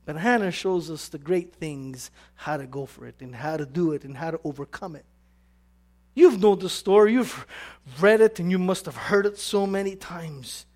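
A woman preaching with animated, conversational energy. She keeps asking her congregation questions as she goes. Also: on the low side, moderate pace. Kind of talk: sermon.

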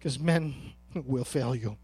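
A man preaching a sermon as pastor, emphatic and swinging between loud and soft. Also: medium pitch, slow pace, slightly rough.

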